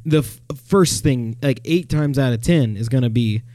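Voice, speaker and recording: A man's voice: mid-range voice, normal speed, warm tone, no echo, studio quality. A young man co-hosting a podcast, talking in a thoughtful, hesitant way with frequent restarts. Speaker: podcast co-host. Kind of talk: casual chat.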